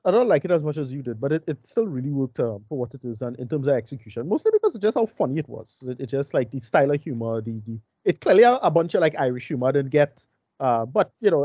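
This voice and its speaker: Fast-talking man, dull lo-fi sound. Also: a little high, big pitch swings, no echo. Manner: quick, halting, with many restarts. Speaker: podcast co-host. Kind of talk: casual film review chat.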